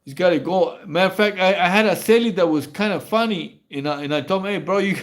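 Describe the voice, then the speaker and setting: Man, high-pitched, rambling and stammering, casual livestream storytelling. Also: fast talker. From Mexico. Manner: rambling, stammering slang-heavy storytelling with frequent laughs. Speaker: livestream host. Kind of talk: casual prison stories on a livestream.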